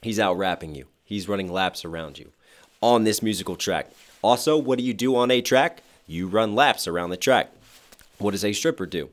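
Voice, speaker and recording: A hoarse man, a rapper, reacting to a song and animatedly explaining its wordplay line by line. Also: lowish voice, moderate pace. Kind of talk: music reaction commentary.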